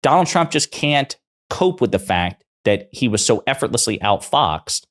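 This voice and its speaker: A man's voice: medium pitch, sing-song, moderate pace, fairly bright tone. A man, a political commentator, talking through his opinions in a conversational way with fillers and restarts.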